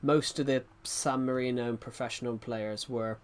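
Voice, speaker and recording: A man's voice: medium pitch, fairly even intonation, normal speed, smooth. A man chatting casually on a live stream, rambling and often restarting his sentences as he answers chat. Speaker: livestreamer reading chat.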